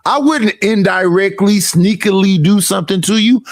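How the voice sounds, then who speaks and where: A man's voice: high-pitched, moderate pace, no room sound. A man in his fifties, a streamer, ranting heatedly and profanely, repeating himself for emphasis. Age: 50s. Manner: profane, emphatic and repetitive, mimicking others.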